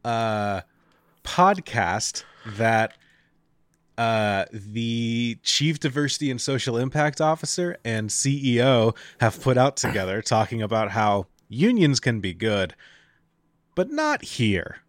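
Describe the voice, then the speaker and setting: A man co-hosting a comedy podcast, explaining a story in a sarcastic, deadpan way during casual chat. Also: medium pitch, slow, no room sound, clean studio sound. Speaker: podcast co-host.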